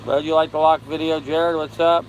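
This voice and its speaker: An older man hosting a casual live stream from his boat, tired and unhurried, greeting viewers by name as he reads their comments. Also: on the high side, flat delivery, muffled recording. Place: on a sailboat with air conditioning and fan running. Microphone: phone. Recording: faint fan and air-conditioner hum behind.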